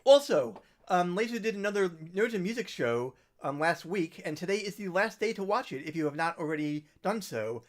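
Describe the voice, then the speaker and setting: A musician hosting a livestream, chatting casually and rambling through recommendations with soft trailing asides. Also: male voice, high-pitched, lively intonation, moderate pace, hardly any pauses.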